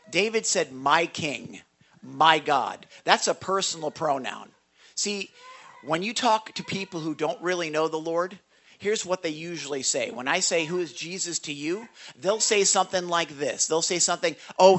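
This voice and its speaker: A man's voice: fairly high pitch, fairly bright tone. A male pastor giving a short sermon devotional to a congregation, emphatic and stumbling over repeated words.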